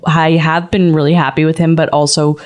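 A woman's voice: low-pitched, flat delivery, a little fast. A young woman chatting as a guest, blunt and self-mocking, swearing freely. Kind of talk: casual comedic chat.

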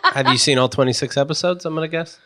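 A man with an average voice who asks dry, wry questions in relaxed banter. He sounds offhand and easygoing. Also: on the high side, fast talker. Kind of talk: casual comedic chat.

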